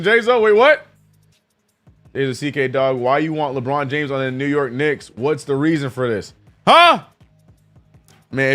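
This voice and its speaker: A man hosts a casual live watch-along stream, reading viewer chat aloud. He reacts with sudden high-pitched exclamations.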